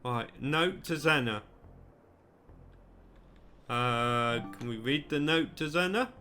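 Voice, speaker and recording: Bright-voiced man commenting on a game. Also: medium pitch, slow pace, soft background music. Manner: reads the dialogue aloud and comments in between. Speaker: let's play host.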